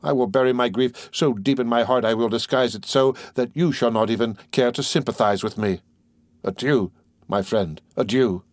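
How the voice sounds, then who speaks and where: A man's voice: medium pitch, moderate pace, no echo, clean studio sound, close to an everyday voice. A man reading an audiobook voices a grieving young man who sounds desperate, impassioned and pleading.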